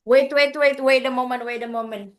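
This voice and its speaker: A woman's voice: high-pitched, fairly even intonation, brisk. Coaxing woman teacher. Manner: coaxing, quizzes students by name, frequent "oke". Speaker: English teacher. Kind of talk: interactive online class, repeating each English phrase in Indonesian.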